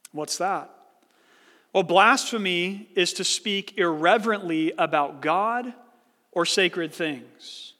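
A man's voice: high-pitched, pushed and bright. A man preaching a sermon as pastor, earnest, building his points with rhetorical questions. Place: church sanctuary. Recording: reverberant church hall.

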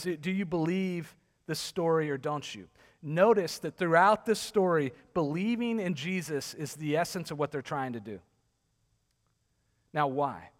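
A man's voice: a little high, a bit bright. A man preaching a casual, conversational sermon, retelling a scripture story with lots of "like" and acted-out quotes. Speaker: pastor. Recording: long hall reverb.

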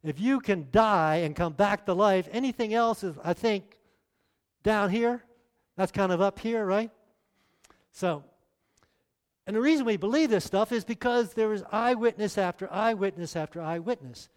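A man's voice: sits high, normal speed. A middle-aged man preaching a sermon in a conversational way, often asking the audience questions.

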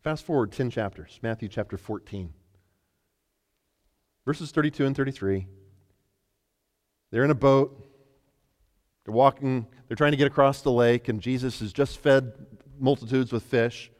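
A man preaches in a large hall, his voice carrying a long reverberant tail. He acts out scripture voices with lively energy, then falls to hushed, intimate tones. His pitch sits in an everyday middle range. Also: unhurried, long pauses. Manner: animated, acts out scripture voices, rises and drops to near whisper. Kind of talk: sermon.

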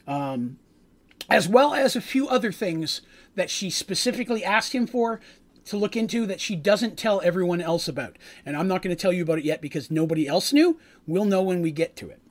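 Brief: high-pitched male game master, chatty and meandering. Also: lively intonation, brisk. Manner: rambling, many fillers and asides. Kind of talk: recapping a tabletop game.

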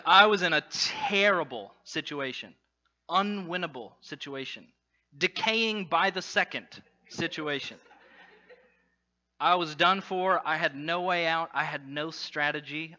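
A man addressing a congregation, telling a self-deprecating personal story with lots of fillers and animated storytelling. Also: on the high side, a little slow, highs cut off. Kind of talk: humorous personal story in a talk.

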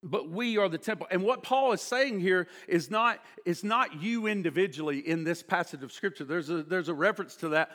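High, bright-voiced preacher man. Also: brisk, hardly any pauses. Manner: dynamic preaching, swings from loud emphatic to hushed. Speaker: pastor. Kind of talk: sermon.

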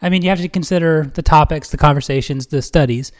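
A man's voice: on the high side, quick pace, darkish tone. Upbeat, stumbling man co-hosting a podcast. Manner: upbeat, stumbling, laughs easily. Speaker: podcast co-host. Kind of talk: casual faith podcast chat.

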